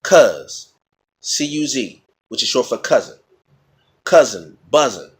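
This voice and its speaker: A man's voice: mid-range voice, big pitch swings, slow pace, breathy edge. A man casually explaining battle rap rhymes in a teacherly way, repeating example words and checking in with "okay?".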